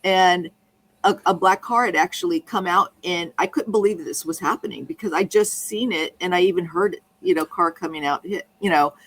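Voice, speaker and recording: A woman's voice: on the low side, normal speed, a bit bright, low-quality recording. A woman in casual conversation, telling a rambling anecdote that keeps restarting and circling back.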